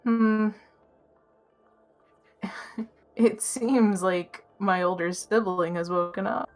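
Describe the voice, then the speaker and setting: A woman voicing a calm, smug male AI that runs a facility, speaking slowly and politely with quiet menace, in a tabletop game. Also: medium pitch, faint music behind. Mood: amused. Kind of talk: tabletop game role-play.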